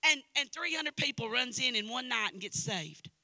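An older woman from Knoxville, Tennessee, with an East Tennessee Southern accent, preaching a church sermon with emphatic repetition that swings from loud to hushed. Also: fairly high pitch, lively intonation, normal speed, no echo. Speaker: guest preacher. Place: church service.

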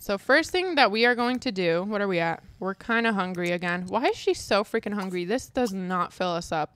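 A woman streaming a life-sim game talks her way through it in a casual, chatty commentary. Her pitch sits at an ordinary middle height for a woman. She sounds exasperated and throws in light swearing. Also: fairly bright tone, clear, resonant tone, no echo. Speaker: gaming streamer.

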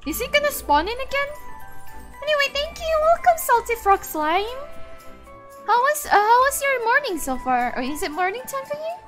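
A young woman streaming a video game, chatting casually with viewers and getting loud and excitable at the game. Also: very high-pitched, moderate pace, over music. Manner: excitable, laughs often, yells at the game. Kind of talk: casual gaming livestream chat.

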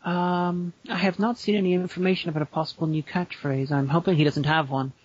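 A man's voice: high voice, level tone, brisk, no echo, muffled recording. A man co-hosting a podcast in casual chat, rambling and breaking into silly voices. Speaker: podcast co-host.

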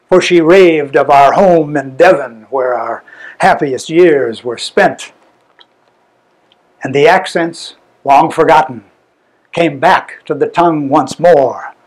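A man performing a dramatic verse recitation live, theatrical and mournful, with sudden swells and hushes. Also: on the high side, rough recording. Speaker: bard, poetry performer.

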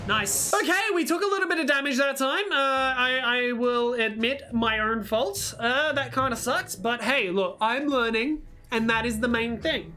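A woman hosting a let's play, thinking aloud as she plays, excitable and swearing freely. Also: fairly high pitch, measured pace, music in the background. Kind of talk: gameplay commentary.

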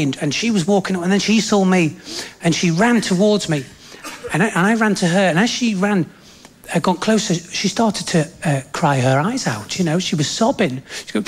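A man doing a bawdy stand-up routine, breaking into exasperated, high-pitched rants. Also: husky. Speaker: stand-up comedian. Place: theatre stage with a laughing audience. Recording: live theatre recording with loud audience noise.

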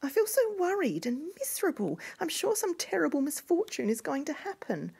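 A woman's voice: on the high side, normal speed, mellow, voice pushed up. A woman voicing a timid youngest princess who is anxious and close to tears. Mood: worried.

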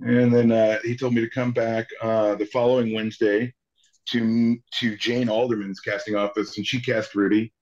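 In this slightly muffled recording, a man in his forties, an actor, is interviewed and shares stories at a moderate pace. Lively and animated, he leaps higher in pitch each time he imitates someone else's words.

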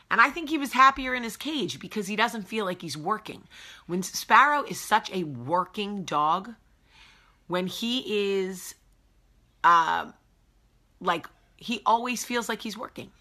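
A woman's voice: medium pitch, animated, unhurried, bright, forceful tone. A woman in her forties hosting a casual morning live chat from home, chatty and greeting viewers by name. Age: 40s. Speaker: host.

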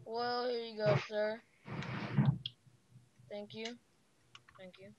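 A woman gamer recording a let's-play in casual chat, excitable and often yelling and pleading in panic. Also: on the high side, slow pace, dull audio, a little hiss or hum.

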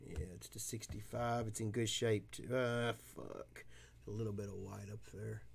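A man's voice: fairly low pitch, fairly even intonation, normal speed, vocal fry, a little hiss or hum. A man hosting a card-opening livestream, chatting casually in a profane, boisterous way. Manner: profane, boisterous, whoops loudly at big pulls. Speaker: card-breaking livestream host. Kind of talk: casual chat while opening trading cards.

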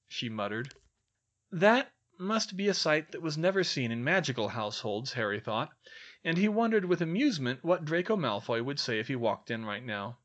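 A man reading a story aloud in a lively, expressive way. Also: medium pitch, normal speed, muffled recording. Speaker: reader. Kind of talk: audiobook narration.

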